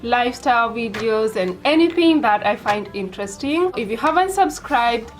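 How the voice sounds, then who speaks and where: A young Kenyan woman with a Kenyan accent vlogs casually to camera in a fairly high, animated voice at normal speed, on a rough recording. She's chatty and direct, calling her viewers "you guys."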